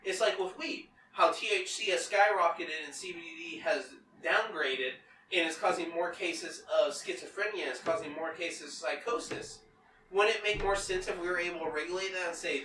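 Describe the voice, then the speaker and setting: A man's voice: a little high, brisk, bright, forceful tone, distant mic. A man co-hosting a podcast, arguing his point in a casual debate, swearing and repeating himself. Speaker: podcast co-host. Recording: roomy, off-mic with faint noise.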